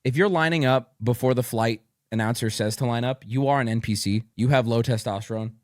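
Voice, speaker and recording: A young man streaming, telling a story to his chat in a casual, profane way with loud outbursts. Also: medium pitch, fairly quick, no echo, studio quality.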